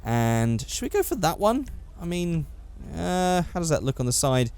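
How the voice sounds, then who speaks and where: Young guy rambling thru game commentary, swears a lot, high voice jumping all over. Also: sing-song, moderate pace, darkish tone, clear, resonant tone. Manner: rambling, self-correcting, swears casually. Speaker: gaming YouTuber. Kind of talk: casual gameplay commentary.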